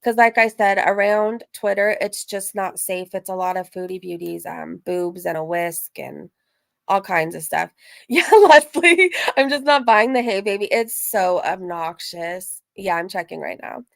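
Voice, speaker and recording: A woman live-streaming in a casual, chatty way, animated, with frequent laughs and "like" fillers. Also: mid-range voice, measured pace, gravelly, dry recording. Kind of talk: casual chat.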